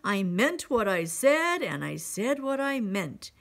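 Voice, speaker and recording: Kind loyal elephant guy, earnest, slow and steady, lady reading him. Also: mid-range voice, vocal fry, heavily acted. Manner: earnest, stubborn vow. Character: faithful kind male elephant, gentle and steady.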